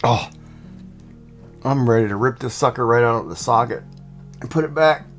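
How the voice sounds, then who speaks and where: Man, middle-aged, livestream host, casual rambling chat, average pitch, soft background music. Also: normal speed. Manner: rambling, filler-heavy, many restarts. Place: home.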